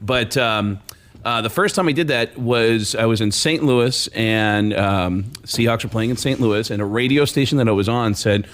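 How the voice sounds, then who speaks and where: A man who is a comedian, telling a story as a radio show guest, getting loud and laughing as he gets excited. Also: mid-range voice, normal speed. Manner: animated, shouting and laughing when excited. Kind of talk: casual radio chat, storytelling.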